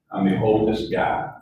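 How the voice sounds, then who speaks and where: A middle-aged man, a guest speaker telling chatty, self-mocking stories with quoted dialogue at a club lunch. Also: noisy background. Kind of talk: storytelling talk at a club lunch. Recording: echoey room heard from a distance.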